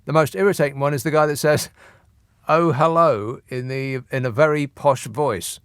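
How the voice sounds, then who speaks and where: A man's voice: on the high side, fairly even intonation, normal speed, a bit bright, smooth, no room sound. A man hosting a radio phone-in, talking in a dry, sardonic way. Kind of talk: late-night radio talk.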